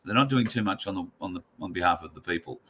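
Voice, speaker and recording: Deep-voiced, bright-toned male host. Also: lively intonation, quick pace, a little hiss or hum. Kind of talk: talk show interview.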